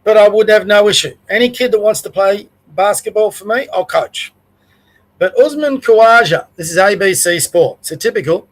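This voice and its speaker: A man's voice: sits high, normal speed, poor audio. A man with an Australian accent, a podcast host who reads from the Bible and rants about the news in a plainspoken, conversational way. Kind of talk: Bible reading and casual news rant.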